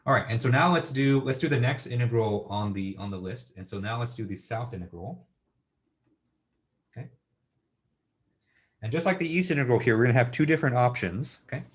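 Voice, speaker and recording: A man's voice: medium pitch, fairly quick, pauses often. A man giving a university engineering lecture, thinking aloud with lots of fillers and checking in with students.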